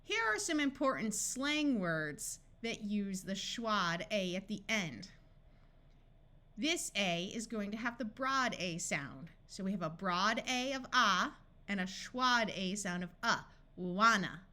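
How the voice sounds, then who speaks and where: Female phonics tutor: slow, measured delivery, bright tone, precise enunciation for young readers. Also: medium pitch, very animated. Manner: slow, deliberate enunciation of sounds and words. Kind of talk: scripted phonics lesson.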